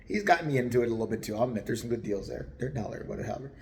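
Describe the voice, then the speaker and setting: A vlogger ranting through a storytime in an animated, profane, exasperated way. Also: mid-range voice, very fast, gravelly. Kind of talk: storytime rant.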